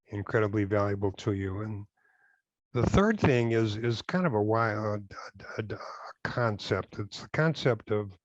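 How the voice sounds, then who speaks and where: An older man, a direct selling compliance consultant, giving measured interview answers with frequent fillers and restarts. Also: lowish voice, no echo, dull audio.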